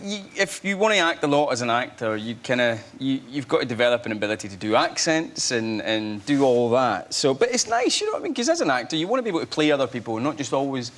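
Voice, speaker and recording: Scottish male actor guest, animated and jokey, mid pitch. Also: fast talker, hardly any pauses. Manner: animated, jokey, rambling with restarts. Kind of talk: chat show interview. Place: TV studio.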